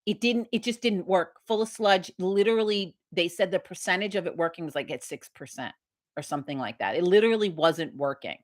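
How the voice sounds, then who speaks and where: A woman's voice: lowish voice, brisk. A woman hosting a casual live stream, telling a story bluntly and animatedly with a lot of swearing. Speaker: livestream host.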